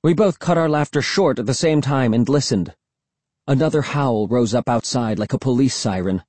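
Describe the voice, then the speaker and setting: Guy reading a spooky kids book, husky low mellow voice, dry close mic. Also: normal speed, dry recording. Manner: steady, suspenseful reading. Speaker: audiobook narrator. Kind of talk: first-person storybook narration.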